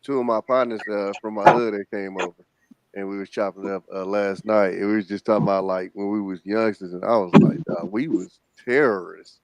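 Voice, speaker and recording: Low-voiced man in casual chat. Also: muffled recording. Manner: relaxed and halting, with fillers. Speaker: host.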